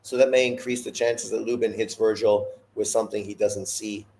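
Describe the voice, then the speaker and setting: Hosting a live boxing watch-along, this Canadian man mixes fight talk with blunt, opinionated rants full of swearing. His voice is fairly low and dark, with fairly even intonation and a fairly quick pace.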